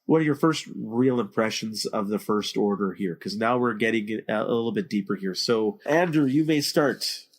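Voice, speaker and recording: A man's voice: on the low side, normal speed, hardly any pauses. Opinionated man hosting a movie podcast. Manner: opinionated, leads the discussion with questions. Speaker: podcast host. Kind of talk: casual movie discussion.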